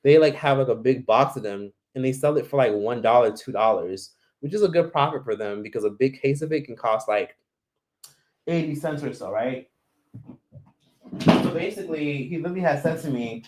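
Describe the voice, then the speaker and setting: A man chats loosely through a live Q&A from home, his voice at an ordinary middle pitch. He rambles, packs every sentence with "like" and "literally", and slips into the voices of the people he quotes. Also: brisk. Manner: rambling, fills talk with "like" and "literally". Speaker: YouTuber hosting a live Q&A. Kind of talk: casual livestream chat.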